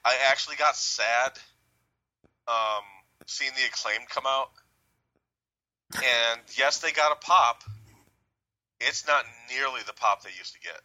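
Bright-voiced man in animated chat. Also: medium pitch, unhurried, long pauses, rough recording. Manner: animated, mimics voices in quoted bits. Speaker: podcast co-host. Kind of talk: casual wrestling talk.

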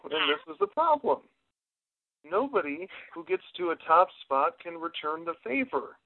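A man with a slightly higher voice gives blunt, emphatic opinions in a casual podcast chat. The recording is dry and tinny, with a narrow, phone-like band. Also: dry recording. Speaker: podcast co-host.

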